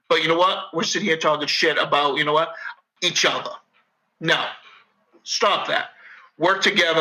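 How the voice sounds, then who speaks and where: A man with a Boston accent, a podcast guest talking casually in a profane, rambling, animated way. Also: fairly high pitch, low-quality recording. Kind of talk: casual chat.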